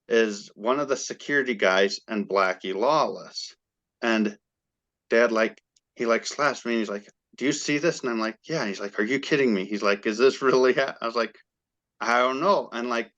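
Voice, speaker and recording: A man, a guest fan, telling a story in casual chat, excited and animated as he acts out the quoted dialogue. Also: fairly low pitch, dull audio.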